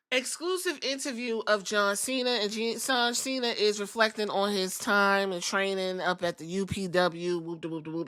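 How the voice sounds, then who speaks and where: A woman's voice: mid-range voice, fairly bright tone. A woman hosting a podcast, giving a casual wrestling recap in a blunt, profane, sassy way. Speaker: podcast host.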